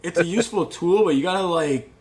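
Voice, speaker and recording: A man's voice: high voice, quick pace, a little mellow. A man in casual chat, ranting and swearing heavily with laughs.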